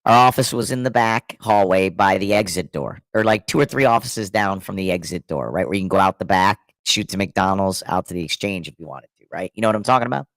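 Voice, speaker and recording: A middle-aged man spins an animated story in casual chat, his pitch leaping all over. His voice has a gravelly edge, and the dry, close sound leaves no room echo. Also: fast, few pauses. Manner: animated storyteller, laughs often, swears freely. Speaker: podcast co-host.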